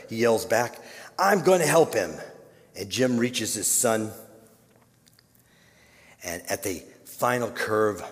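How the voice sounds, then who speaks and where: A male pastor telling a story in a sermon, dropping to a hush and then building to loud, dramatic peaks. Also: fairly low pitch. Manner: dramatic, swinging from hushed to loud. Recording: long reverb of a large hall.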